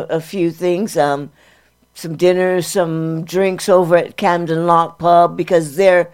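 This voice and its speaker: An older woman, hosting a music show and telling rambling anecdotes in an excitable, chatty way. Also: lowish voice. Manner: excitable and chatty, with many restarts and fillers.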